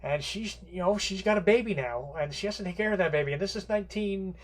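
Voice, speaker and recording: A man's voice: high-pitched, fast. A man giving an unscripted literature lecture, rambling with many fillers and restarts and some casual swearing.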